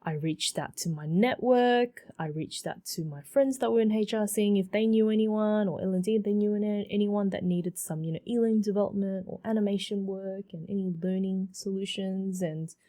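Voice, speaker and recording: A woman's voice: medium pitch, normal speed, hardly any pauses. Chatty woman telling her story. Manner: chatty, animated, many fillers and repeats. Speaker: podcast host. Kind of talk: casual solo podcast storytelling.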